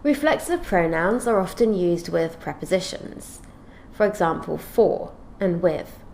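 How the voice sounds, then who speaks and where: A woman teaching an English grammar lesson, explaining clearly and reading out example sentences in a measured way. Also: lowish voice, animated, a little mellow, a little hiss or hum.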